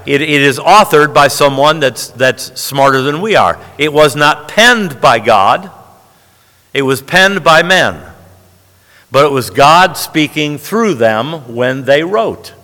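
Male preacher, bright forceful delivery, emphatic sermon style, church hall reverb. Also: a little high. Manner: emphatic, frequent "all right?" check-ins.

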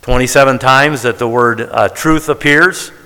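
A man's voice: mid-range voice, normal speed, sharp tone, clear, resonant tone. A man preaching as a Bible teacher, stressing key words emphatically as he counts out figures. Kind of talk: sermon-style Bible teaching. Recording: long reverb of a large hall.

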